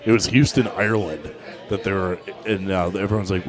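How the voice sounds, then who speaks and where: A man's voice: sits low, steady tone, a little fast. A man co-hosting a casual draft-party chat in a crowded bar, joking and rambling with restarts. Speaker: podcast co-host. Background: crowd chatter.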